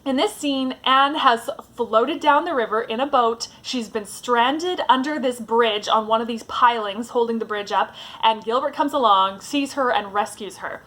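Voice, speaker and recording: Chatty woman with a high-ish voice. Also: normal speed, few pauses, a bit bright. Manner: chatty and fond, with many "like"s. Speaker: book vlogger. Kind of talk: casual vlog chat.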